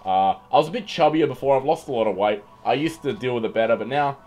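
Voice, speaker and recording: An Australian young man hosts a casual livestream, reading the chat aloud, joking irreverently, swearing freely and often repeating words. His voice is mid-pitched, fast and a little mellow.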